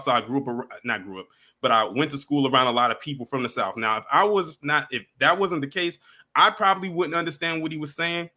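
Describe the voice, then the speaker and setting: A man's voice: medium pitch, sharp tone. A man giving casual commentary straight to his viewers, emphatic and repeating his points. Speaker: commentary vlogger.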